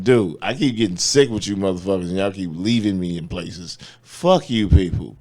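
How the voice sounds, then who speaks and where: A man telling a long, profane story in casual chat, acting out the people he quotes. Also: on the low side. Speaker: comedian guest.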